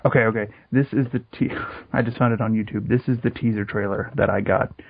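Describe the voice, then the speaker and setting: A man's voice: fairly low pitch, steady tone, a little fast, creaky, slightly rough, no echo. A man co-hosting a podcast in casual comedic chat, rambling with many restarts over dull lo-fi call audio. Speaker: podcast co-host.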